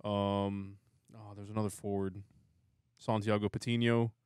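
A man on a fan podcast who talks in a brash, excitable way and swears freely. His voice sits fairly low. The sound is dry and close. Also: a little slow, clear, resonant tone, no echo. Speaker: podcast co-host. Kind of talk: casual fan podcast chat.

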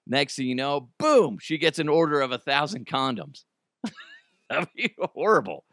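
Male podcast host, casual comedic riffing, animated inflection, close dry mic. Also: on the high side, normal speed, dry recording. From United States. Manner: jokey, laughs often, slips into goofy voices. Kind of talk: casual comedic news chat.

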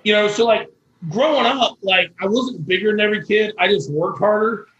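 A high-voiced man telling a story. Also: moderate pace, a bit bright, echoey room, dull audio, a little hiss or hum. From Florida. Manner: folksy and earnest, with quoted dialogue. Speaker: guest. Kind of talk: storytelling interview.

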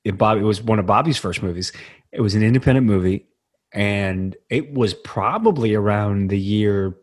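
A man's voice: fairly low pitch, moderate pace. A man co-hosting a casual podcast, telling a funny story with lots of laughter. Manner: animated, laughs while telling stories. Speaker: podcast co-host.

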